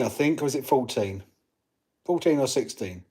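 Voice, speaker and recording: Husky man hosting a live stream. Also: medium pitch, expressive, moderate pace, a little mellow. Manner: chatty, reads viewer comments aloud. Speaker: channel host. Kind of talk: live stream chat while tinkering.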